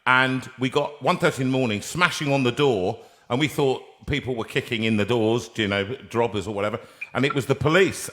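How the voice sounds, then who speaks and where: A male host with a bright, forward tone, chatting loosely and jokily on a live broadcast. He trails off and restarts his sentences while keeping things light and friendly. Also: mid-range voice. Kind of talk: casual live chat with call-in guest. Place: studio room.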